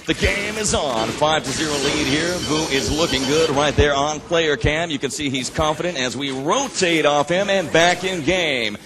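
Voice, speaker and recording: Excitable man calling esports play-by-play. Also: a little high, normal speed, hardly any pauses, over music. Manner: excitable, rising to shouts at big plays. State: out of breath. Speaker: esports commentator. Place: live event stage.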